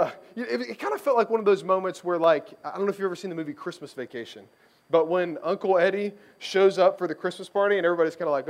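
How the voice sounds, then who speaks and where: A young adult man preaching a sermon as a pastor, conversational and animated, acting out the voices of the people in his stories. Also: high-pitched. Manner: conversational, animated storytelling, acts out quoted voices. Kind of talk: sermon with storytelling.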